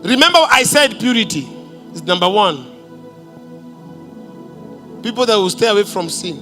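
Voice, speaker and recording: A man's voice: high-pitched, expressive, moderate pace, pushed and bright, faint music behind. A man with a Kenyan accent preaching a prophetic sermon in church, commanding and decreeing, with Swahili asides. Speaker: pastor. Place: church service.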